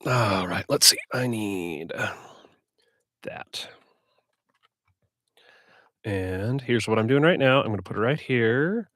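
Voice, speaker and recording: A slightly scratchy-voiced man, a streamer and audiobook narrator, mutters to himself in a rambling, casual way as he gets his live stream software ready at home. He speaks slowly in a lowish voice and pauses often, captured in studio quality with no room sound.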